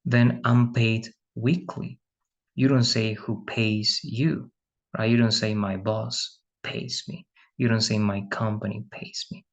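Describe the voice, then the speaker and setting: A man's voice: lowish voice, flat delivery, slow, lo-fi sound. A man teaching an English grammar lesson, explaining patiently and checking often with "right?".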